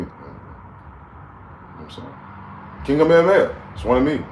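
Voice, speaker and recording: A man in his forties hosting a livestream, ranting with heated outbursts that drop to low mutters. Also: big pitch swings, moderate pace, long pauses, darkish tone. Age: 40s. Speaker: livestream host. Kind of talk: profane rant. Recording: echoey room with faint background noise.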